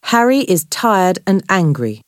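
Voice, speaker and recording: A woman narrating a simple storybook in a slow, clear, expressive reading. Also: medium pitch, dry recording, clean studio sound. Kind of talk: scripted graded-reader narration.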